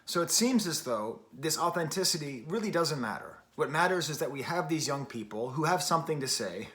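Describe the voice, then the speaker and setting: A man's voice: a little high, animated, a little fast, fairly bright tone. A middle-aged man hosting a music review show, talking in a chatty, rambling way with wry asides. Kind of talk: casual spoken review.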